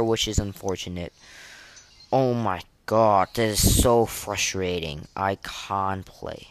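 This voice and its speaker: A man's voice: sits low, slow pace. Flustered young man commentating gameplay. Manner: self-deprecating, flustered, frequent fillers and restarts. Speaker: gaming podcaster.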